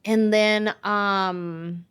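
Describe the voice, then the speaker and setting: A woman in her forties from San Jose, California, a comedian guest telling her story in a casual interview, animated. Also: mid-range voice, very slow, smooth. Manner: animated, acts out quoted voices.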